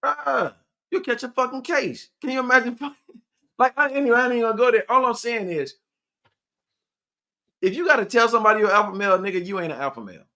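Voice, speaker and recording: A podcast host man talking in a casual, profane and preachy way, with sudden loud outbursts. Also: extremely high pitch, fairly quick, pauses often. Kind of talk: casual live podcast chat.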